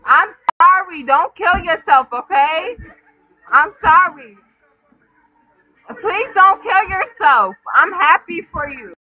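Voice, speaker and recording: A woman's voice: very high voice, expressive, slow. A drunk woman livestreaming, giggling and teasing someone in repetitive casual banter. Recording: dull lo-fi stream audio.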